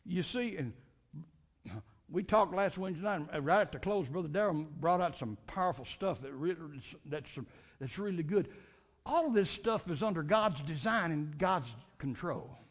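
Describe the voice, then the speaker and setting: A man's voice: high voice, lively intonation, normal speed. A man preaching a fervent Sunday night sermon, repeating and restarting phrases as he builds his points.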